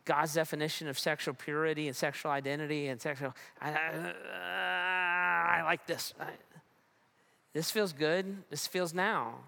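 A man's voice: fairly high pitch, steady tone, a little slow, creaky, pushed and bright. Conversational man preaching a sermon. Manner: conversational, with humor and frequent restarts. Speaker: pastor.

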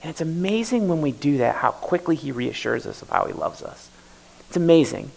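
A man's voice: fairly high pitch, sing-song, a little fast, vocal fry, a little mellow, a little hiss or hum, rough recording. A man preaching a sermon as pastor, in a conversational way, often acting out prayers in the first person. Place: church service.

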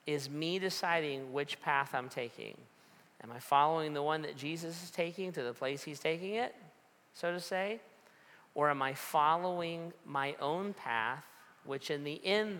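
A male pastor preaches in a lively conversational way, telling stories and pressing his point with repeated rhetorical questions. His voice sits fairly high and sounds bright and forceful. It echoes with the long reverb of a large hall. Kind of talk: sermon.

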